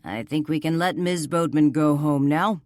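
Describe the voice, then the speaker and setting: A woman voicing a measured police chief. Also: deep voice, a little mellow, no room sound, studio quality, lightly acted. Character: calm authoritative male police chief.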